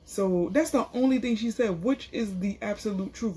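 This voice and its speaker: A woman's voice: medium pitch, moderate pace, hardly any pauses, warm tone, slight background noise. A woman casually recapping a reality TV episode in a chatty, slangy way, full of fillers. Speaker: TV show reviewer.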